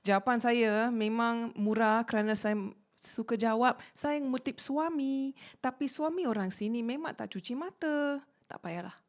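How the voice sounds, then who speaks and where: A woman's voice: on the high side, moderate pace. Fields: Sex: woman. Role: stand-up comedian on a small stage. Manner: teasing. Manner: playful, teasing, mock-boastful.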